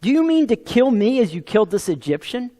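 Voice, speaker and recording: A man preaching a sermon as pastor, animated, acting out quoted voices and asking rhetorical questions. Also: very high voice, a little fast. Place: church sanctuary. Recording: long reverb of a hall.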